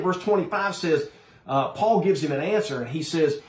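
A man's voice: fairly high pitch, moderate pace, reverberant. A man preaching a sermon to his congregation, emphatic and direct, calling his listeners folks. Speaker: pastor.

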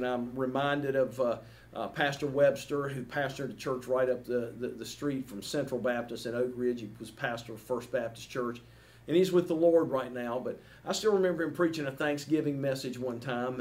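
A man's voice: a little high, darkish tone. A man preaching a sermon as pastor, earnest and emphatic, asking the congregation repeated rhetorical questions and ending with a prayer.

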